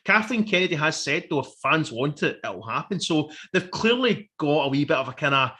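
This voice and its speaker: A man, co-hosting a casual review chat, animated and sweary, acting out quotes. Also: a little high, fairly quick, hardly any pauses. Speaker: podcast co-host.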